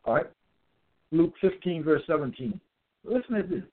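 A man's voice: on the high side, sing-song, normal speed. Man preaching over a tinny line. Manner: reads verses aloud and comments on each; repeats phrases and checks in with "okay?". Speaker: self-styled preacher. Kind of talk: solo religious monologue reading scripture. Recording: tinny phone-like sound.

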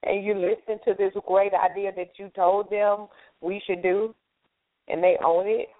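A woman's voice: mid-range voice, steady tone, a little slow. A woman co-hosting a casual call-in talk show, telling workplace stories and acting out what coworkers say. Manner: storytelling, acts out coworkers' lines. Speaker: co-host. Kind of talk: casual chat. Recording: tinny phone-line call-in audio.

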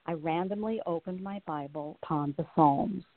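A heartfelt woman in her late fifties tells her own story as a show guest, her voice sitting a little low. She comes through a thin, tinny phone line with a close, dry sound. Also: moderate pace, no room sound. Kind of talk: reading her personal story aloud, then chatting.

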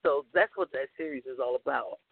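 A woman speaking as a guest author and life coach in a casual radio interview, animated and emphatic, laughing often. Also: a bass voice, a little fast, vocal fry, breathy edge, no echo. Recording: tinny phone-line audio.

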